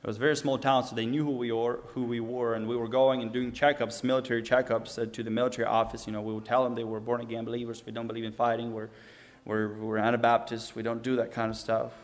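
A man's voice: medium pitch, little pitch movement, quick pace. A young man from Ukraine, telling a personal testimony in an earnest, casual way and acting out the dialogue. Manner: earnest, frequent restarts, acts out quoted dialogue. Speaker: storyteller giving testimony.

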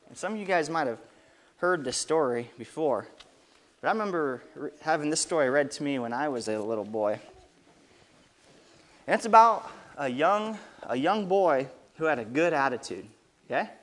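Reading to a group of children, this man speaks at normal speed in a fairly high pitch. He keeps things lively, pausing frequently to put questions to them.

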